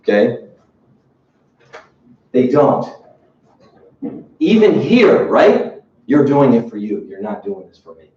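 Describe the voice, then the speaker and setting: A man leading a sales team training, telling a story with lively energy, acting out his bosses and swearing casually now and then. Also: mid-range voice, slow, pauses often. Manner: animated storyteller acting out bosses, laughing, street-talk swearing. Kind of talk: motivational training talk. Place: training room with audience. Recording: roomy, distant, muffled room recording with background noise.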